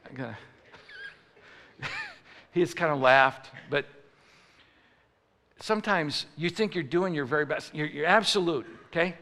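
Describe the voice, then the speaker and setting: Gravelly, bright-voiced male preacher. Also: a little high, measured pace, long pauses, in a large hall. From Chicago. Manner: animated storytelling, rising to mock outrage. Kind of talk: sermon with a comic story.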